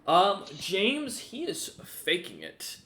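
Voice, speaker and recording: A man running a tabletop game as game master, describing scenes in a rambling, halting way. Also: sits high, huge pitch swings, a bit bright. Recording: echoey room.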